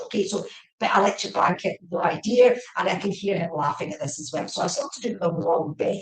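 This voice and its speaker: A woman giving a live-streamed psychic reading, chatty and repetitive, speaking to viewers by name. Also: medium pitch. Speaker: psychic medium. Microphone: webcam or phone. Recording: echoey room.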